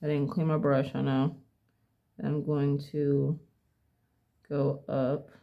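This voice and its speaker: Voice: medium pitch, completely flat delivery, slow pace, vocal fry, highs cut off. A painting instructor casually talking through each brushstroke at a desk, thinking aloud and correcting themself as they go. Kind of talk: casual step-by-step painting demo. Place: at a home desk.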